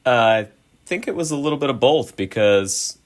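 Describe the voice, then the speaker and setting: A man's voice: medium pitch, animated, moderate pace. A man running a tabletop game as game master, explaining the story to the players in an easygoing way and laughing often.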